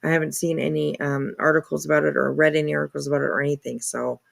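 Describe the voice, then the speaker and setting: This livestream host speaks fast in a low, flat voice with vocal fry. She's casual and talkative, reacting to viewer comments apologetically and dropping the odd swear word.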